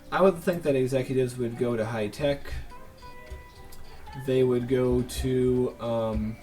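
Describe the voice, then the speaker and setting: A man talks through his city-building game at an unhurried pace, with chatty, joking asides. His voice sits at an ordinary middle pitch, with faint game music playing underneath. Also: a little mellow. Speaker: let's play host. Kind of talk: casual gameplay commentary.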